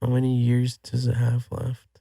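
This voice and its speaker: Flat-voiced joking man in casual chat. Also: medium pitch, moderate pace, vocal fry, no room sound, studio quality. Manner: joking, even-toned. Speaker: podcast guest.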